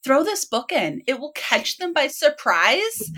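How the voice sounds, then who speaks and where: A woman's voice: sits high, very animated, measured pace, pushed and bright, low-quality recording. A woman hosting a podcast, chatting enthusiastically about books and laughing often. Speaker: podcast host. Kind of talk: casual book chat.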